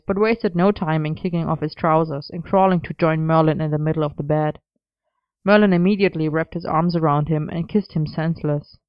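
A narrator reading a romance story aloud in a steady, even storytelling manner. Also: mid-range voice, clear, resonant tone, dry recording, lo-fi sound.

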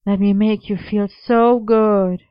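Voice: medium pitch, fairly even intonation, slow pace, clean tone, no echo, dull audio, pitched above the performer's own voice, natural voice. A narrator voicing a playful, teasing young man in a story reading, with a smug, sing-song way of talking. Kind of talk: audiobook reading of a romance story.

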